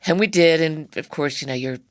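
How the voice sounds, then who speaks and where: A woman's voice: sits low, brisk, no room sound, clean studio sound. A middle-aged woman, a guest founder, telling her story in a chatty interview and laughing often. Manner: chatty, laughs often, acts out quoted voices. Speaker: guest, handbag company founder.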